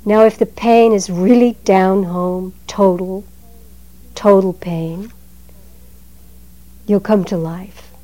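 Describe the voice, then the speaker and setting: Slow, mellow woman giving a dharma talk. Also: mid-range voice, fairly even intonation, low-quality recording. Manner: measured and emphatic, phrases trailing off softly.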